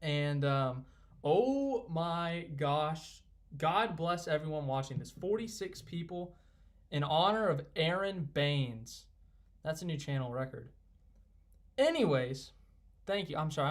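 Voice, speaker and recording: Young male streamer, casual and excitable, rambles between reading viewer comments; ordinary mid-range voice. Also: medium pitch. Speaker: live stream host. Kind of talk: casual live stream chat.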